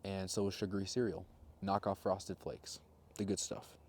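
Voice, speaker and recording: Wry young man, low mellow voice. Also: moderate pace. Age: 20s. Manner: wry, self-mocking storyteller with deadpan jokes. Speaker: vlogger. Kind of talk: casual rambling monologue.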